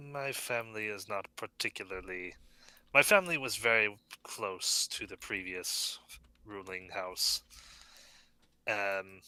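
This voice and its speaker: Bright-voiced man in hushed role-play. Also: lowish voice, smooth, dry recording. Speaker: player voicing a character. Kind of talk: in-character tabletop role-play.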